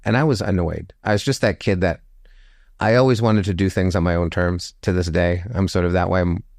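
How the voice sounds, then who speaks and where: A man in his fifties telling a personal story in an interview, animated and reflective, acting out the people he quotes with sudden jumps in pitch. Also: fairly quick, dry recording, studio quality. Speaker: storytelling guest.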